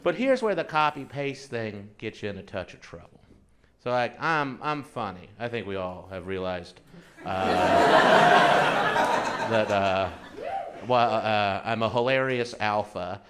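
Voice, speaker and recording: A man doing a stand-up set on a club stage, with a dry, halting delivery full of fillers. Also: fairly low pitch. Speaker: stand-up comedian. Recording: live club recording with crowd noise. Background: audience laughter.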